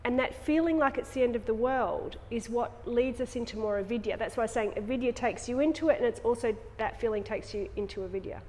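A woman's voice: on the high side, fast talker, hardly any pauses, darkish tone. A woman talking to a yoga class, rambling and conversational, asking the class many tag questions before leading a guided relaxation. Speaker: yoga teacher. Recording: echoey studio with long reverb.

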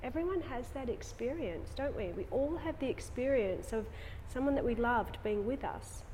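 Her voice is on the high side and darkish, with lively intonation and a moderate pace, as this yoga teacher chats rambly with her class, full of tag questions, before leading relaxation. Slight hiss or hum sits under the echoey, long-reverb studio sound.

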